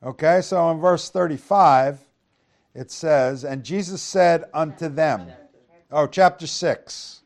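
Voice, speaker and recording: A man's voice: a little high, takes it slowly, vocal fry. A man preaching a Bible lesson in a conversational way, reading King James verses aloud and asking his listeners rhetorical tag questions. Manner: reads scripture aloud in King James wording; conversational with frequent restarts. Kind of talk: Bible teaching.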